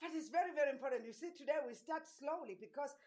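A woman preaching an impassioned sermon, urging her listeners with repeated calls and rising shouts, her voice going hoarse. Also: high-pitched, fast talker.

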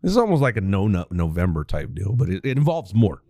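A man's voice: low-pitched, big pitch swings, fast talker, warm tone, no room sound, studio quality. A man co-hosting a podcast who teases his partner, laughs often, and speaks to listeners. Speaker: podcast co-host. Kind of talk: casual podcast banter.

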